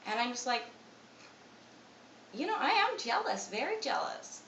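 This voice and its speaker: Alone in a room at home, a woman in her twenties rambles through a confessional vlog, anxious, self-critical, and full of fillers. Her voice is on the high side, fairly bright and very animated, but unhurried. The audio is dull and echoey, with the mic at a distance and faint ambient noise.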